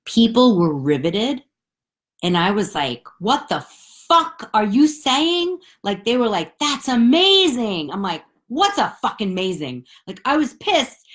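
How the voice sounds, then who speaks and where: A woman candidly telling a personal story to camera, profane and animated, dropping low and then bursting high. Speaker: spiritual coach and vlogger.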